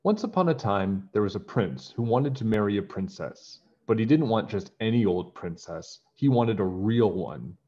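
A man reading a children's picture book aloud in a friendly, animated way. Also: lowish voice, normal speed, hardly any pauses, husky. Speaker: storybook reader. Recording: dull lo-fi home recording.

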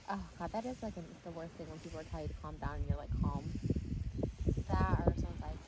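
A woman's voice: fairly low pitch, fast. Chatty woman dining on a beach. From California. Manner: chatty, laughs often, playful voices. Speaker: vlogger. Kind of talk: casual dinner chat. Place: outdoors on a beach at night. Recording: loud outdoor noise. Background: loud outdoor noise.

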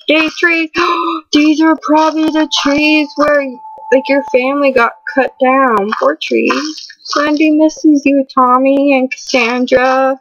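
A woman's voice: sits high, little pitch movement, slow pace, fairly bright tone. A teenage girl rambling and giggling through horror game commentary, stuffed with fillers and breaking into panicky outbursts. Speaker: gaming channel host. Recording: dull lo-fi recording with clear background noise.

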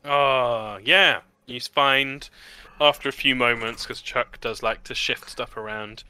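A man narrating as game master for a tabletop role-play game, describing scenes in a warm, descriptive manner and laughing easily. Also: medium pitch, measured pace, clear, resonant tone, dry recording.

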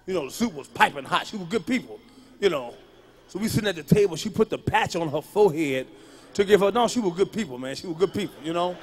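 A man performing live stand-up storytelling, profane and punchy, swinging from muttered asides to sudden yells. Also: high voice, animated, fast, a little hiss or hum. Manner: loud, profane, punchy delivery that jumps between muttering and yelling. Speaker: stand-up comedian.

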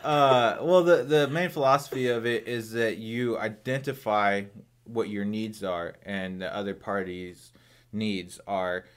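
Low-voiced man musing in casual chat. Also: fairly even intonation, measured pace, smooth. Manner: thoughtful, rambling with restarts. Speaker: podcast guest.

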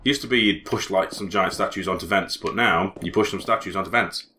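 A man's voice: deep voice, fairly quick, background noise. A man co-hosting a casual gameplay video, swearing and joking as he plays. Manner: swearing, joking, slips into silly accents. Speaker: let's play co-host.

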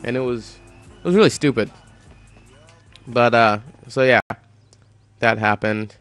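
A teenage boy chatting casually over his gameplay, rambling through a story with frequent restarts. His pitch sits in the middle range, and soft music plays underneath. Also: measured pace, dry recording. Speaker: gameplay commentator.

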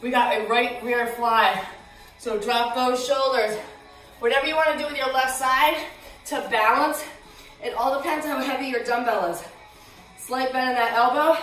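A woman's voice: sits high, recorded from a distance. Breathless woman coaching a workout in an echoey room. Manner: energetic cueing with counts and encouragement. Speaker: fitness instructor.

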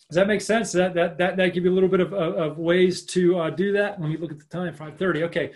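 Male workshop coach, raised pitch, chatty and informal, on a video call. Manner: chatty and informal, acts out quick example lines. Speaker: leadership coach leading a workshop. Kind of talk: live online workshop teaching.

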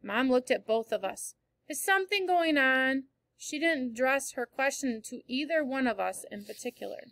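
A woman reading a first-person novel aloud in clear, steady storytelling. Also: sits high, moderate pace, hardly any pauses, no room sound. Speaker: audiobook reader.

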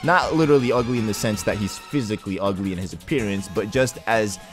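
A young man hosting a let's play, commenting on gameplay in a casual, excitable, slangy way. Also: on the low side, fast talker, soft background music.

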